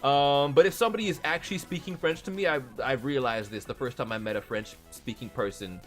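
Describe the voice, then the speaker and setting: Voice actor guy chatting with his stream, lively and laughing, light music going. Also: medium pitch, brisk. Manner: chatty and animated, often laughing. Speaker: voice actor hosting a live stream. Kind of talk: casual live-stream chat answering viewer messages.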